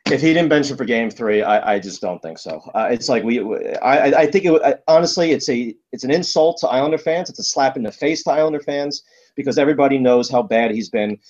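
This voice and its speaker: A man's voice: medium pitch, quick pace, a little mellow, dull audio. A man co-hosting a casual sports talk show, blunt and emphatic, with lots of fillers and restarts. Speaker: sports podcast co-host.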